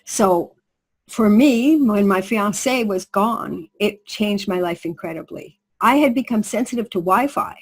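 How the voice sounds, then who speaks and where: A woman's voice: mid-range voice, unhurried, slightly rough, low-quality recording. A middle-aged woman presenting a skincare product through a told story, acting out the people she quotes. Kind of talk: storytelling sales pitch.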